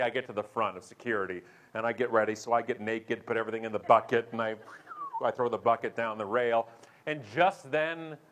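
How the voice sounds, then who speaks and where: Animated man telling stories. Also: mid-range voice. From Canada. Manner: animated, acts out voices with big swings. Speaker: keynote speaker and show host. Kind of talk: humorous storytelling talk.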